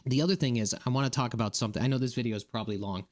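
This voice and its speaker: A man's voice: mid-range voice, rapid-fire. A man from Massachusetts giving a casual, indignant rant to his viewers, often checking in with "okay?" and "right?". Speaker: political commentator.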